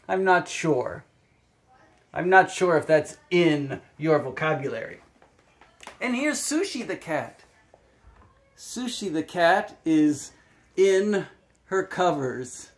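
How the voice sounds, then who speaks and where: Male speech therapist for a kids' lesson, home setup, extremely slow and deliberate delivery. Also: a little high, animated. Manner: slow, deliberate modeling of single words. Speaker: speech-language pathologist.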